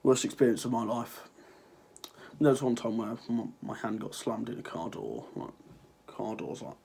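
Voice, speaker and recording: A man's voice: medium pitch, normal speed, creaky, mellow, a little hiss or hum. A teenage lad with a cold, sniffling through a rambling, sarcastic rant to his viewers. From Ireland. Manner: sarcastic, rambling, swears freely. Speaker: vlogger. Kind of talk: casual ranting vlog.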